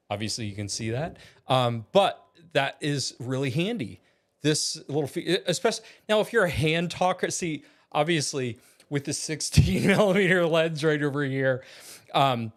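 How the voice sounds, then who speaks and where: A man from Virginia talking casually in his home studio as a vlogger, rambling with lots of fillers and restarts. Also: medium pitch. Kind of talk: casual vlog.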